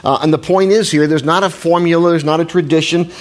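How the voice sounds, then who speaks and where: A middle-aged man preaching a sermon in a relaxed, conversational way, often restarting phrases and joking about himself. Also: fairly high pitch, quick pace. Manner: conversational, self-deprecating, frequent restarts. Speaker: pastor.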